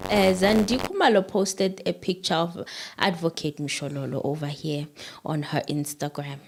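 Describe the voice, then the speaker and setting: A woman's voice: deep voice, fairly even intonation, normal speed. A woman co-hosting a casual live stream, reading out viewer comments and laughing easily.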